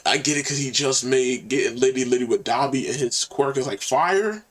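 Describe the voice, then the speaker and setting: A man hosting a reaction video, chatting excitedly in casual slang about a song he just heard. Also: medium pitch, normal speed, far from the mic. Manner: excited, slangy, quotes lyrics back.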